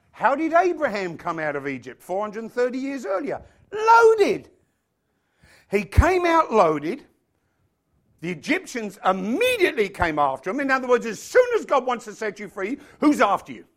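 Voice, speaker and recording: A man preaching a sermon, animated, acting out voices and swinging from loud exclamations to hushed asides. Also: high-pitched, normal speed.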